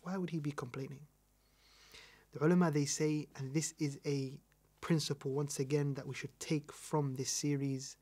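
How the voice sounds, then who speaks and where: A British man with a fairly high-pitched voice teaches a religious lesson. He presses his points home, repeats them for weight and throws questions back at the listener. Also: little pitch movement, moderate pace, warm tone. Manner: emphatic, repeats key points, asks rhetorical questions. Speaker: Islamic teacher.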